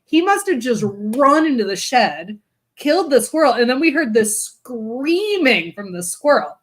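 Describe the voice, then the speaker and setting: Animated, swearing woman telling a story. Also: fairly high pitch, unhurried. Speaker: podcast co-host. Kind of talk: casual chat.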